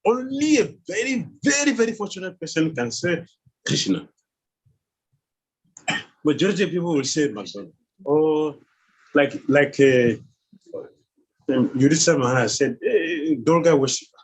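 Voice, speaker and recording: A man's voice: fairly high pitch, very animated, moderate pace, long pauses, husky, low-quality recording. A man teaching a scripture class who keeps quizzing his listeners with questions and chuckles as he goes. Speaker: spiritual teacher.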